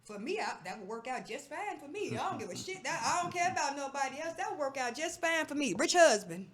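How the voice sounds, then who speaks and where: Loud brassy woman, aave, high voice that jumps all over, cussing while she chats. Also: quick pace. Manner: brash, profane, animated storytelling. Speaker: podcast co-host. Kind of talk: casual chat.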